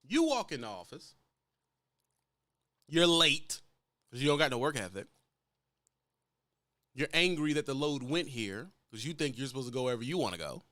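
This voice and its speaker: A man's voice: medium pitch, big pitch swings, moderate pace, long pauses, sharp tone, no echo. A man who drives trucks, bluntly lecturing younger drivers in a casual, profane vlog rant. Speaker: truck driver giving advice.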